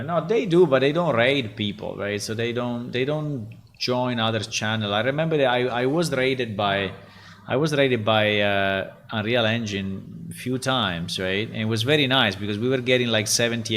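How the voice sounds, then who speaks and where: A man's voice: medium pitch, normal speed, fairly bright tone, a little hiss or hum. A man, a game developer on a casual livestream, thinking aloud hesitantly with many fillers and tag questions. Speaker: game developer streaming his work.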